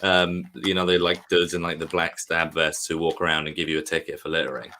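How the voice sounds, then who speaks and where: A man's voice: low voice, level tone, fairly quick, sharp tone, slight background noise. A man co-hosting a casual chat, telling a rambling, profane story with many fillers. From United Kingdom. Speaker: podcast co-host, comedian.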